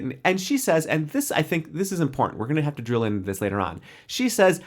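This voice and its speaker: Young guy on a podcast, retelling a tv episode, jumps into character voices, pretty lively. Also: fairly high pitch, brisk, hardly any pauses. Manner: animated, acts out characters' lines while retelling. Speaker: podcast co-host. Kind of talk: casual chat recapping a TV episode.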